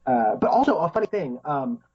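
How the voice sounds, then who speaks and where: A man's voice: on the high side, big pitch swings, a little fast, dull audio, a little hiss or hum. A man co-hosting a podcast, chatting casually and enthusiastically about a film, laughing often and filling with "um" and "like". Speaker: podcast co-host.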